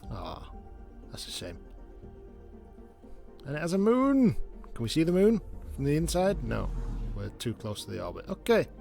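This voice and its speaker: A man's voice: a little high, wildly swooping pitch, moderate pace, vocal fry, a little mellow, soft background music. A man casually commenting on a space game as he plays, chatty and sarcastic, often reading the on-screen text aloud. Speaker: gameplay video host.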